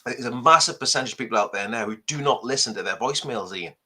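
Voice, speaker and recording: A man's voice: mid-range voice, fast, sharp tone, slightly rough. A man from Newcastle with a Geordie accent, hosting a podcast and making his points emphatically. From Newcastle, England. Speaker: podcast host. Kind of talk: casual podcast chat.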